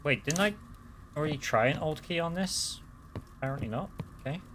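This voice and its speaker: A man's voice: a little high, expressive, fairly quick, background noise. A man giving casual commentary while playing a video game, chatting and swearing freely between puzzles. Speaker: game streamer.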